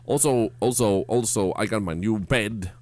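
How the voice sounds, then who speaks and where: A man's voice: lowish voice, moderate pace, darkish tone. A man streaming a horror game, chatting casually with viewers, rambling and stammering with self-mocking jokes. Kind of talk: casual livestream commentary while playing.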